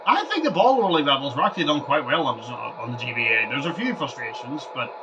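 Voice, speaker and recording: A man's voice: mid-range voice, sing-song, fast, muffled recording, background noise. A man vlogging over gameplay in a rambling casual way, often stumbling and repeating words. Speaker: gaming vlogger.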